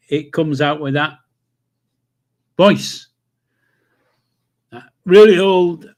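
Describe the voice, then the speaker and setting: With a slightly high, fairly bright voice, an older man hosts a loose livestream chat and reads out viewer comments. He rambles, curses casually and laughs quietly to himself.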